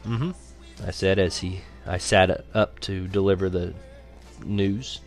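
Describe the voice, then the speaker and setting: Lively male storyteller over faint music. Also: low-pitched, measured pace. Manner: lively, animated, chuckling often. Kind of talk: first-person story reading.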